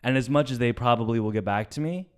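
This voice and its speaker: A young adult man co-hosting a comedy podcast, telling a family story in casual chat, swearing often and trailing off softly. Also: medium pitch, fast talker, clean tone. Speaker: podcast co-host.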